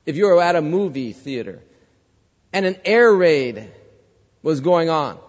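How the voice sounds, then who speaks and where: A man's voice: a little high, big pitch swings, unhurried, in a large hall, dull audio. A male pastor preaching a sermon, conversational, telling a story and asking the congregation questions. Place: church.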